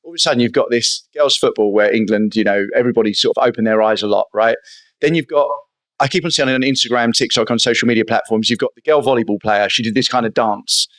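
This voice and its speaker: A man's voice: mid-range voice, fast, a bit bright, no echo. A man co-hosting a podcast, chatting casually and often adding "right?". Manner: chatty, with tag questions like "right?". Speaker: podcast co-host.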